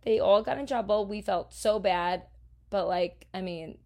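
A woman from New Jersey, a podcast host, telling a story in a casual, animated, profane way. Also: mid-range voice, measured pace, vocal fry.

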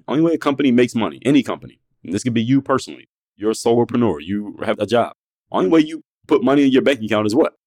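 A man's voice: lowish voice, a little mellow. A man hosting a podcast, delivering a blunt, profane monologue full of rhetorical questions, speaking. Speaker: podcast host.

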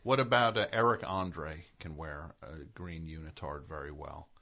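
A man's voice: rumbling low, moderate pace, sharp tone. A man hosting a radio show, chatting casually in a jokey, rambling way. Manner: rambling, jokey, breaks into laughter and silly voices. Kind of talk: casual comedic radio chat. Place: radio studio.

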